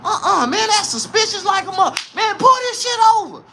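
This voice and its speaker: A man voicing a loud, suspicious male highway patrol officer who barks profane orders. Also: sing-song, brisk, heavy background noise, heavily acted. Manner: shouting, profane, bossy.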